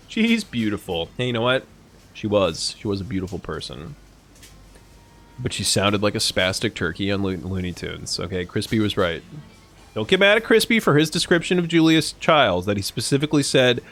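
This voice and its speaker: Young male streamer, lively swinging pitch, casual and profane. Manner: animated, swearing, laughing at his own jokes. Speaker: live streamer. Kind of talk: casual chat with viewers.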